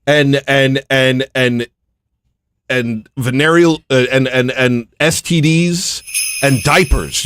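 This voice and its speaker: A man's voice: mid-range voice, slow pace, fairly bright tone, clean tone, dry recording, clean studio sound. A man hosting a casual livestream, ranting and mocking in a brash, loose way. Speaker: livestream host.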